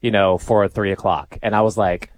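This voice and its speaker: A man's voice: fairly low pitch, fairly even intonation, moderate pace, dry recording. A man telling a story in casual banter as a co-host, laughing often.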